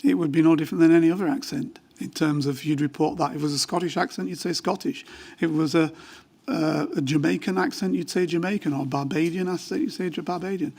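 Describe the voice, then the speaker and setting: A man's voice: on the high side, steady tone, fast talker, darkish tone. An older man, a former police officer, testifying at a formal hearing in a matter-of-fact way and explaining at length. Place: inquiry hearing room.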